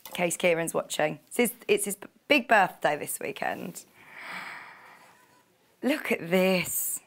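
A woman's voice: fairly low pitch, lively intonation, a little slow, gravelly, pauses often. A woman presenting fabric on a live TV shopping channel, chatty and gushing, with frequent gasps and laughs. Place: TV studio.

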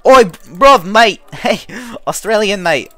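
A man's voice: high-pitched, animated, unhurried, fairly bright tone, pitched above the performer's own voice. A man putting on a cocky, trash-talking Australian brawler voice to taunt a kangaroo in a game.

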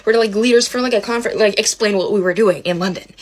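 A young woman excitedly telling a storytime about meeting someone, rambling with lots of "like". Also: mid-range voice, quick pace. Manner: giddy, rambling, heavy use of "like". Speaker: vlogger.

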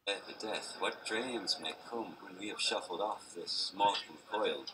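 A man's voice: low-pitched, recorded from a distance, crowd noise, poor audio. A man playing a brooding young prince in rolled West Country burr. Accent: Shakespearean original pronunciation with West Country burr. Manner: measured, rolling verse delivery. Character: brooding young prince weighing life and death. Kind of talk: classical stage soliloquy.

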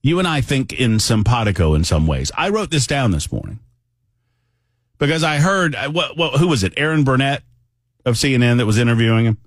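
A male talk radio host delivers a political monologue in a conversational, emphatic way, drifting into asides as he goes. His pitch swings widely and animatedly while he stays at a middle register. The sound is dry and close, with no room around it. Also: sing-song, brisk, no room sound.

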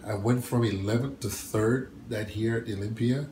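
A man being interviewed as a bodybuilder, telling stories in an animated way, acting out what others said with big jumps in pitch and frequent laughs. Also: normal speed, echoey room, a little hiss or hum. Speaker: bodybuilder guest.

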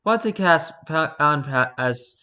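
A man's voice: on the high side, takes it slowly. Man casually reading spooky stories. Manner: relaxed, unpolished reading with restarts and self-corrections. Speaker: story reader.

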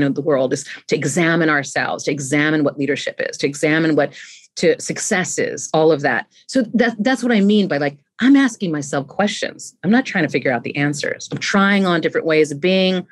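A woman in her fifties, a guest on a podcast, talking about leadership in an animated way and often restarting with repeated words. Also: low-pitched. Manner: animated, acts out quoted voices, repeats words when starting a thought. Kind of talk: conversational interview.

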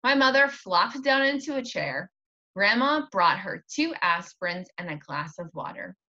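Woman, teacher reading a storybook aloud, expressive, bright voice, dull lo-fi recording. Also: medium pitch, measured pace. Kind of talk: reading a children's book aloud.

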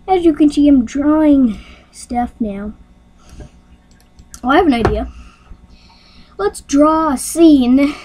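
A woman's voice: a little high, dark tone. A young woman hosting her homemade talk show, rambling in a silly, random way with sound effects, on a computer mic. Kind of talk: rambling casual screen-recorded vlog.

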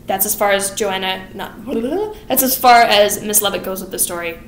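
A young woman in her late teens, a theater student, excitedly rushing through a plot recap with rambling asides. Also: mid-range voice, roomy sound, slight background noise. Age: young adult. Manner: excited, rushed, rambling with fillers and laughs. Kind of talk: fast plot recap vlog.

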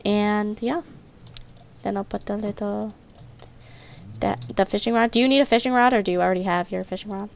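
A woman's voice: medium pitch, fairly even intonation, fairly quick, creaky, long pauses. A young woman hosting a casual gameplay video, chatting, giggling and singing little snatches into a headset mic. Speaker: let's play host. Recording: noisy home recording with keyboard and mouse clicks.

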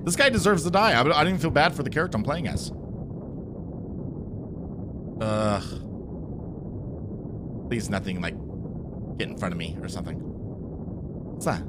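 A man's voice: mid-range voice, expressive, brisk, pauses often, very noisy. A man giving nervous, joking commentary while playing a horror game, jumpy and easily startled. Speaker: gaming streamer.

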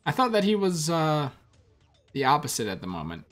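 A man's voice: a little high, wildly swooping pitch, normal speed, fairly bright tone, soft background music. A man doing casual gameplay commentary, reading menu text aloud with wry asides. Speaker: let's play gamer.

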